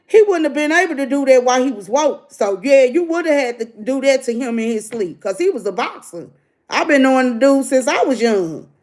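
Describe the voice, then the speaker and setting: A middle-aged woman, ranting bluntly to her livestream viewers like a preacher. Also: high voice. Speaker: livestream host. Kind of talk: casual livestream rant.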